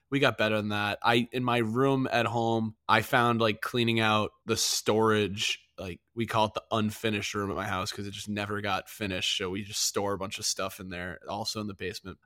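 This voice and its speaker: A man's voice: fairly low pitch, pushed and bright, dry recording, clean studio sound. A man from New England hosting a hockey podcast in a casual, rambling chat full of fillers. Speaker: podcast host.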